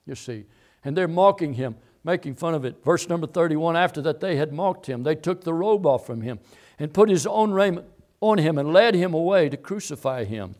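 A man with a fairly high voice delivers a sermon in a rural barn, starting calm and halting before building to fervent, near-shouted emphasis full of repetitions and restarts.

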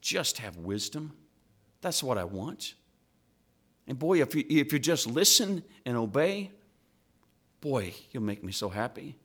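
A man, a father, preaching a sermon to children, swinging from loud impassioned rises to quiet earnest asides. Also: medium pitch, sing-song, a little slow, pauses often. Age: adult with children. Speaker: pastor.

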